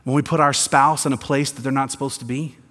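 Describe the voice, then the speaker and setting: A man from the American South, preaching a sermon that swings between quiet emphasis and rising intensity, with sarcastic asides. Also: medium pitch, fairly even intonation, quick pace. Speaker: pastor. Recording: long hall reverb.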